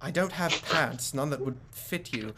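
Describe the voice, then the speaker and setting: A man's voice: on the high side, animated, normal speed, noisy background, natural voice. A man doing a shady, snappish shopkeeper. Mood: curt. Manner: curt, exasperated, brusque. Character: shady irritable male shopkeeper in a crime town.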